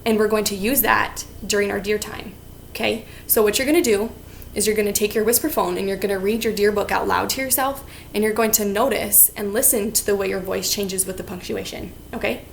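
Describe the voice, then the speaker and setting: A woman's voice: mid-range voice, fairly even intonation, a little fast, vocal fry, a little hiss or hum. A young woman teaching a reading lesson to children, checking in often with a questioning "okay?". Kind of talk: read-aloud lesson to children.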